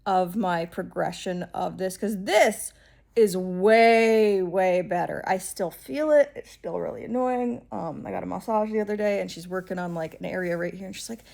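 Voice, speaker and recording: A woman's voice: on the low side, normal speed, vocal fry, a little mellow. A woman telling a story in a casual vlog, rambling and exasperated with a wry edge and lots of fillers. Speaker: vlogger.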